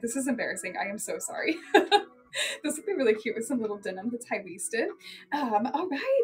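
Giggly high-voiced young woman reseller. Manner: chatty, giggly, lots of ums and likes. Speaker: live-stream reseller. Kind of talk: casual live-selling chat.

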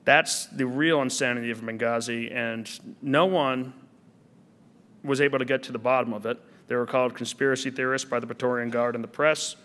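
A man's voice: mid-range voice, steady tone, a little fast, a bit bright. A man answering audience questions at a seminar, combative and sardonic. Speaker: speaker at a seminar. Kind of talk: lecture Q&A answer. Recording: long hall reverb.

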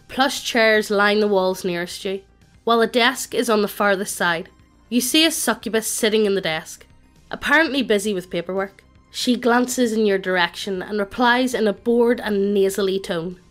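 A text-to-speech woman's voice narrating a tabletop game, with a flat, evenly paced computer reading. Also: mid-range voice, normal speed, faint music behind.

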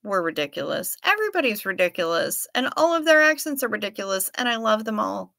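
A woman's voice: medium pitch, sing-song, brisk, gravelly, pushed and bright, dry recording. A woman with a Minnesota accent hosting a livestream, chatting casually and reading viewer comments aloud in a playful way. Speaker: livestream host.

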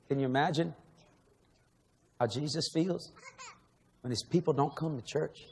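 A man's voice: fairly high pitch, a little slow, long pauses, darkish tone, slightly rough. Pleading preacher man in a big hall. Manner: emotional, pleading, repetitive questions. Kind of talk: sermon. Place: large church auditorium. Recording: long echo of a large hall.

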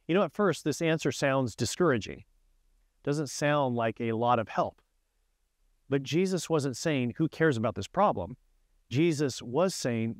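A man delivering a brief devotional with a storyteller's ease, lifting his voice for the joke's characters. His voice sits at an ordinary middle pitch. The sound is close and dry, with no room around it. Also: lively intonation, moderate pace, dry recording. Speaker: pastor. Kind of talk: short devotional sermon with prayer.

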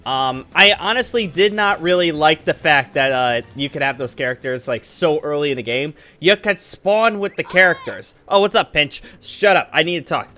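A man's voice: fairly high pitch, normal speed, few pauses, pushed and bright. A young man hosting a gaming channel, giving casual, goofy, rambling commentary while he plays. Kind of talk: casual let's play commentary. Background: game music.

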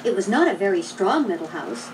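A woman narrating a children's storybook in a measured, gently expressive way. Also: medium pitch. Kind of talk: storybook read-along narration. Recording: noisy, distant old record.

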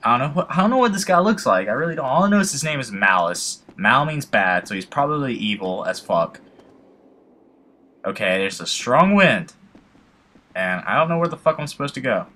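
A man's voice: medium pitch, sing-song, a little fast, pushed and bright. A young man commenting casually on a video game he plays, emotional, rambling and swearing often, mocking himself. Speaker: let's play gamer.

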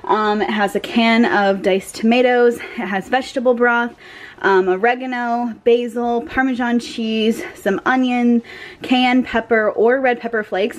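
A woman in her twenties chatting casually in a day-in-my-life vlog, rambling with lots of "like" fillers and sounding a little out of breath, filmed in her kitchen at home. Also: a little high. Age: 20s. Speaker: vlogger.

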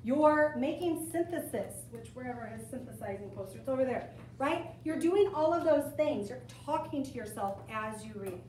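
Casting: high-voiced young woman teacher, chatty and animated, in an echoey classroom caught from a distance. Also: normal speed, a little hiss or hum. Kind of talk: classroom lesson to students. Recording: echoey room, camera from far off.

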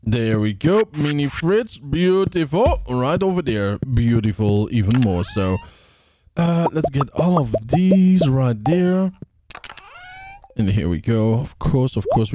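Animated man narrating his game. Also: medium pitch, unhurried, a little hiss or hum. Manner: chatty, talks to game characters, hums and sings. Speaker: gamer. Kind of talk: casual let's play commentary. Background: game music.

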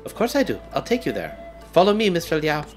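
A timid young male market worker speaks in a high, strained voice, stammering when nervous and eager when asked for help, as a man voices him while reading a game. His lines jump around in pitch. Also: huge pitch swings, fast, soft background music.

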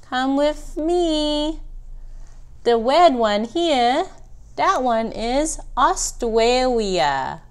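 A woman's voice: high-pitched, clear, resonant tone, exaggerated voice. A woman voicing a silly, eager little baby puppet that mispronounces words in a children's puppet show.

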